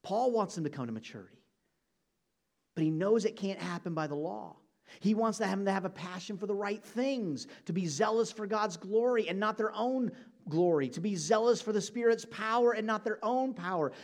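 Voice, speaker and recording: Man, pastor, sermon, high-pitched, earnest, direct address.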